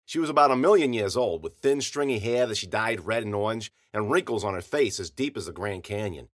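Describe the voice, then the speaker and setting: A man narrating a first-person story in a wry, hard-boiled deadpan. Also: fairly low pitch, a little fast.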